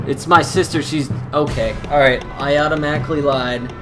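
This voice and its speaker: A young man commenting on a video game as he plays, excitable, nervous and self-deprecating. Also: on the high side, normal speed, music in the background. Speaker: gameplay commentator. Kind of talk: let's-play commentary.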